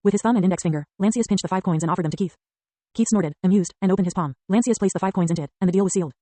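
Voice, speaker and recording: A woman narrating an audiobook in a brisk, even reading style. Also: lowish voice, no room sound. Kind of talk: scripted narration.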